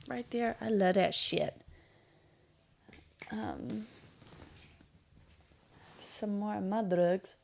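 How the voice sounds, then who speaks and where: A woman's voice: medium pitch, drawn-out words, gravelly, pauses often, darkish tone. A woman in her thirties hosting a casual solo podcast, chatty and blunt, swearing freely and laughing at herself. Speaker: podcast host.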